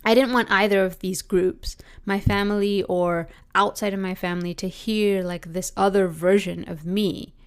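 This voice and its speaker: A young adult woman with a Canadian accent hosting a reflective solo podcast, musing aloud with many "like"s, restarts and soft laughs. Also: medium pitch, steady tone, moderate pace, hardly any pauses, smooth. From Britain. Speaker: podcast host.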